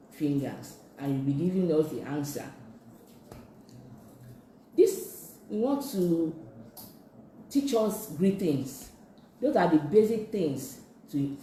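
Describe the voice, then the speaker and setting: A sign language instructor, teaching slowly and patiently in a live-streamed lesson, repeating each phrase many times. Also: medium pitch, dark tone, a little hiss or hum. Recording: echoey room.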